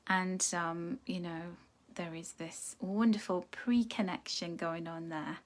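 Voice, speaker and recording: A woman's voice: on the low side, fairly even intonation, slow. Chatty woman giving a card reading. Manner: chatty, warm-hearted, laughs and reacts to viewer comments. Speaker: angel card reader. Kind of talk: live card reading chat.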